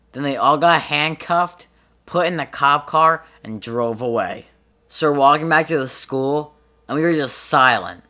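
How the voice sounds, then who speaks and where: Young man telling a story, bright voice. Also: medium pitch. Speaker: comedy show host. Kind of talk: storytelling monologue.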